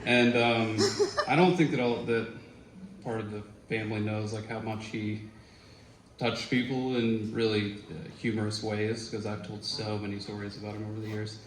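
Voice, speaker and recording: Man, former student, casual memorial tribute, lowish voice, faint background noise. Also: level tone, normal speed. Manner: conversational, rambling, with fillers and quoted voices. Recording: echoey room with faint noise.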